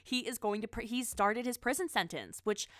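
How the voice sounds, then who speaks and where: Chatty woman with a smooth voice. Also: a little high, moderate pace, fairly bright tone, no echo, clean studio sound. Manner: chatty and rambling, with many restarts and asides. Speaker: pop culture commentator. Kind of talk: casual chat.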